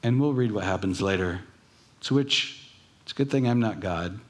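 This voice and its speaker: A man's voice: fairly low pitch, moderate pace. A man preaching a sermon as pastor, earnest, with emphatic rising bursts.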